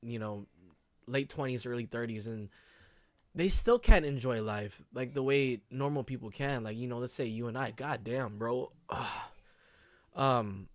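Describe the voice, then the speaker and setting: A man's voice: mid-range voice, a little slow, no room sound. Man, reaction host, slangy casual talk, emotional, dry close mic. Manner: slangy, says bro and dog a lot, emotional.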